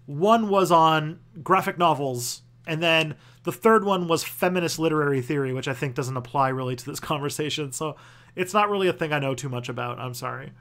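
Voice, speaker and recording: A young adult man hosting a casual livestream Q&A, answering viewer questions in a rambling, halting way with constant restarts and the odd swear word. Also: a little high, fairly bright tone. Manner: loose and profane.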